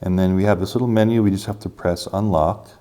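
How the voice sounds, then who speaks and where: A man's voice: deep voice, steady tone, quick pace, dark tone. A man casually talking viewers through a gadget review and setup, step by step with enthusiasm. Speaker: tech reviewer.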